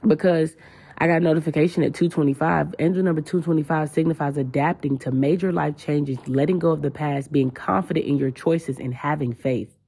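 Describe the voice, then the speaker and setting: A woman hosts a spiritual podcast in a loose, heartfelt monologue full of slang and repeated phrases. Her voice sits low and dark, with a husky edge. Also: steady tone, a little fast. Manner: casual, emotional, slangy and repetitive. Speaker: podcast host.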